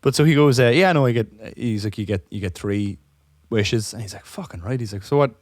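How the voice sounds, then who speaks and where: A man's voice: lowish voice, a little fast, dry recording, clean studio sound. A hungover man casually telling a long joke with lots of swearing, laughing at his own punchlines. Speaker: podcast co-host.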